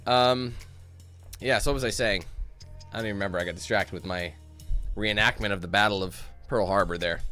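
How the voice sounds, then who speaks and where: A man's voice: on the low side, animated, normal speed, pauses often, a bit bright, faint music behind. Tired, candid streamer guy. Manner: candid, rambling, swears a lot. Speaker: YouTube streamer. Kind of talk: casual stream chat to viewers.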